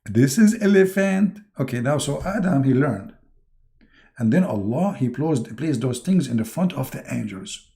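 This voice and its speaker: A man with a gravelly, dark voice talks through a livestream in a mocking tone. He halts often, fills the gaps with fillers and keeps slipping into put-on voices. His pitch sits in the middle range for a man. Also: animated. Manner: mocking, halting, with many fillers and sudden jumps into put-on voices. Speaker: online religious debater and host.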